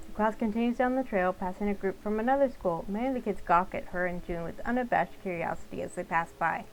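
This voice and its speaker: A woman's voice: medium pitch, quick pace, few pauses, a little hiss or hum, low-quality recording. A woman reading a visual novel aloud with casual commentary as she plays. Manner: casual asides while narrating. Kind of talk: let's-play reading and commentary.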